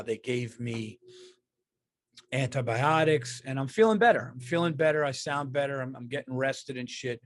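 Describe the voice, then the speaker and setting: A man's voice: medium pitch, dry recording, studio quality. A man in his thirties, a comedian hosting a casual solo podcast, rambling and profane, stuffy from allergies. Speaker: podcast host and stand-up comedian.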